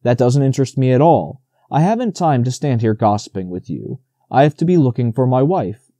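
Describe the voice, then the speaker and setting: A man's voice: medium pitch, lively intonation, a little fast, dark tone, dry recording, natural voice. A man voicing a small, nervous male grasshopper who speaks in a quivering, quavering way in a storybook reading. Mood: curt.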